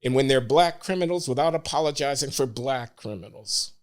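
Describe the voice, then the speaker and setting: An older man speaking as a guest on a casual podcast, measured and deliberate with frequent hesitations. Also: mid-range voice, clear, resonant tone.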